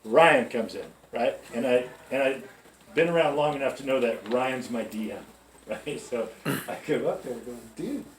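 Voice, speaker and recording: In an echoey music store, recorded from far away with a little hiss or hum, a man gives new staff a storytelling pep talk. His voice is mid-range and his speed normal, and he mixes chatty stories with check-ins on his listeners.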